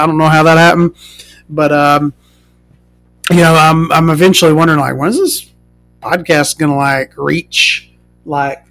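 Male actor as a crude woman podcast host, rambling and profane, pitched a bit high. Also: lightly acted. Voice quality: rambling, profane, full of fillers. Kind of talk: improvised comedy monologue.

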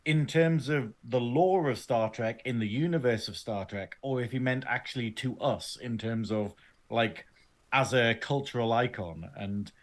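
A man's voice: mid-range voice, unhurried. A man with a northern English accent, co-hosting a fan podcast, who teases and rambles casually and laughs often. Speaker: podcast co-host. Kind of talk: casual chat.

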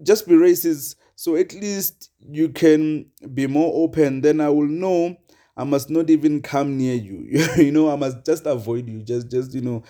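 A man's voice: on the high side, dark tone. A young man hosting a solo podcast, talking casually and rambling with many fillers and chuckles. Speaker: podcast host.

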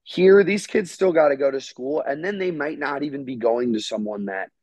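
A man's voice: mid-range voice, moderate pace, a little mellow, dry recording. A young man from Florida co-hosting a podcast, talking in slangy casual chat with lots of "bro" and swearing. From Florida, USA. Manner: slangy, swears, calls people bro and dude.

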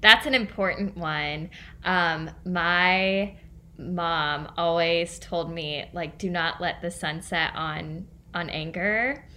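Slow, bright-voiced woman co-host. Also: on the low side. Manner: thoughtful, hesitant, many "um"s. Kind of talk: casual conversation.

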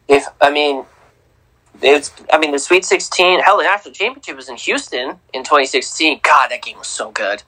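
A young man co-hosting a casual sports podcast, excitable and repeating words for emphasis. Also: a little high, moderate pace, low-quality recording. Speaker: podcast co-host.

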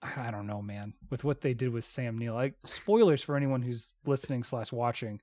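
A man co-hosting a casual podcast, talking in a halting way with dry humor and many restarts. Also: medium pitch, a little mellow, dry recording. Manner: hesitant, repeats words, dry humor. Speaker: podcast co-host.

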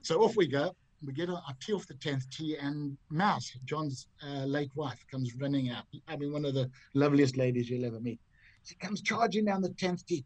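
A man's voice: fairly high pitch, moderate pace, no room sound, low-quality recording. An older man from Zimbabwe, a golf commentator guesting on a podcast, telling anecdotes with relish and acting out the voices of people in his stories. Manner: lively raconteur who acts out other people's voices. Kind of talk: anecdotal storytelling.

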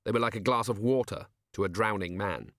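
A man narrating a comic fantasy audiobook in a lively, expressive reading. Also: on the low side, brisk, dry recording, studio quality. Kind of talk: scripted narration.

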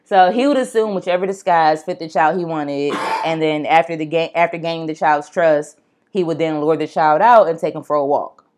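Young female podcast host with a low voice; casual, blunt true-crime storytelling with asides to listeners. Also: brisk, darkish tone.

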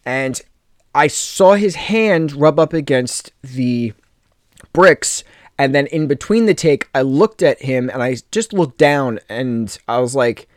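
Speaking at a medium pitch with lively intonation, this young American podcast host wanders through a personal story in a casual, chatty way. Fillers pile up and he keeps dropping in jokey asides. The studio audio is clean, with no echo.

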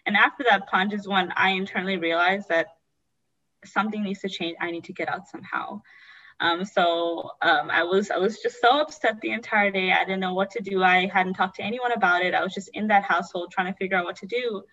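A woman's voice: mid-range voice, fairly even intonation, bright, forceful tone, lo-fi sound. Earnest young woman telling a hard story. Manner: earnest, halting, many "like" fillers. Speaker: guest sharing her story. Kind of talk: personal storytelling in conversation.

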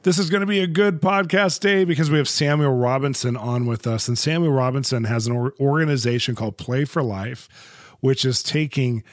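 A man's voice: mid-range voice, steady tone, a little fast. A man from the United States hosting an interview podcast, enthusiastic and joking, laughing often as he chats. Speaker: podcast host. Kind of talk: casual interview chat.

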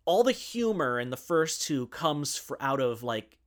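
A man's voice: mid-range voice, very animated, a little slow, fairly bright tone. Chatty man co-hosting a movie podcast. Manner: chatty, lots of "like" and fillers. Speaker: podcast co-host. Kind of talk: casual movie discussion.

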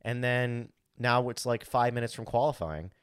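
With a clear, resonant mid-range voice and a moderate pace, this podcast co-host recounts a story casually. He's animated, voices his own thoughts, swears freely and leans heavily on "like," all recorded cleanly in a studio with no room sound.

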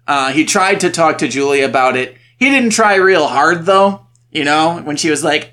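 Animated, bright-voiced man co-hosting a podcast. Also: fairly high pitch. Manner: animated, swearing, quick to laugh. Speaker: podcast co-host. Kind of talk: casual chat. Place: home recording setup.

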